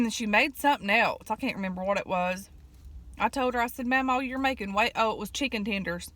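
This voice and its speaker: Woman vlogger, casual eat-with-me chat, folksy storyteller, slightly raised pitch. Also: fairly quick, fairly bright tone. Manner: folksy storytelling with fillers and throat clearing.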